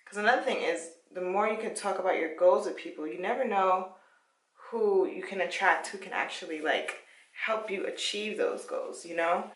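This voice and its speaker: A woman's voice: medium pitch, moderate pace, reverberant, recorded from a distance. A young woman chatting casually at home while taking out her hair, encouraging and laughing often. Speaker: vlogger. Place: her parents' home, indoors.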